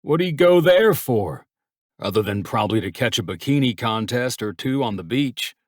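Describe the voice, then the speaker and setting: An older father drawls his words slowly in an audiobook, with a gritty, unhurried edge, as a man puts him on. The voice is pitched a little above the reader's own low tone. The sound is close and dry, with no room around it. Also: animated, dry recording, close to an everyday voice. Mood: easygoing. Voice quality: slow drawl. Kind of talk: audiobook character voice.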